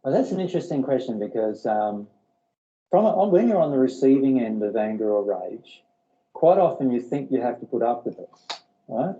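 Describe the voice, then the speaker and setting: A man's voice: medium pitch, lively intonation, normal speed, mellow, highs cut off. A man leading a spiritual workshop, explaining earnestly and often repeating his words. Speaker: workshop teacher.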